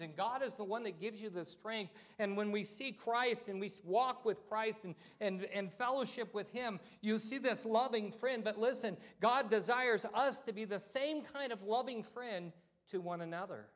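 A middle-aged man preaches a sermon in a relaxed, conversational style. His voice sits fairly high for a man. He restarts phrases, repeats himself and calls out to the congregation as he goes. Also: normal speed, few pauses. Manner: conversational preaching with repetitions and call-outs. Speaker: pastor.

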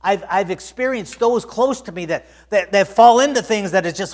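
Preacher guy, high voice, goes loud then real quiet, repeats himself a lot. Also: normal speed. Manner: emphatic, repeats words, swings from loud to hushed. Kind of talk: sermon.

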